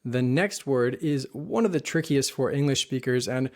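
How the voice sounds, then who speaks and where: A man teaching Spanish pronunciation in an online lesson, saying each word slowly and carefully to show how it should sound. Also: mid-range voice, lively intonation. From United States. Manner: clear, careful modeling of words.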